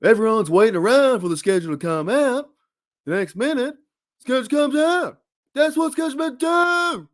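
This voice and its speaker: A man's voice: extremely high pitch, normal speed, voice pushed up. A man with an Australian accent doing an impression of a whiny male stand-up comic, firing off indignant rhetorical questions. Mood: ranting.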